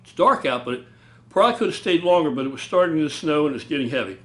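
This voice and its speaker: Male storyteller, slightly high voice, very lively delivery, casual ghost-story telling with shouted sound effects. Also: fast. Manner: animated, loud booming sound effects, swears.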